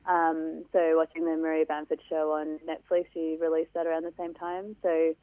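A woman's voice: sits low, flat delivery, normal speed, no echo, phone-quality sound. A young woman comedian answering interview questions in a rambling, hesitant way. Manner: rambling, hesitant, many fillers.

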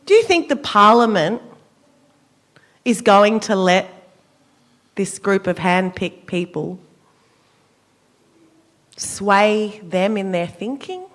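An Australian woman, a senator, giving an impassioned political speech at a forum, measured and emphatic with a cutting, sarcastic edge. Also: medium pitch, expressive. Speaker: senator speaking at a public forum.

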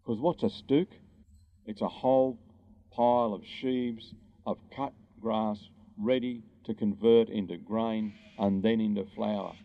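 Aussie bloke giving a fired-up talk, low voice, kinda dull lo-fi sound. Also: male voice, steady tone, gravelly. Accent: Australian. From Australia. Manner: impassioned, indignant, with rhetorical questions and slow emphatic stresses. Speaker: speaker giving a public talk. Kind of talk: impassioned public talk.

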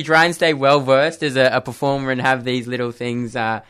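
A man's voice: mid-range voice, steady tone, brisk, few pauses, fairly bright tone, clean tone. A young man, a dancer and actor, chatting casually in an interview, with many fillers and friendly laughs.

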